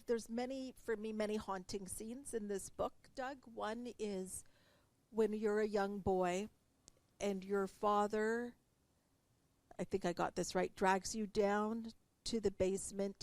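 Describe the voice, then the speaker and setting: Woman host asking about a guest's book, mid pitch, dry close sound. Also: fairly even intonation, a little slow, dry recording. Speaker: interviewer and coach. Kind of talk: interview conversation.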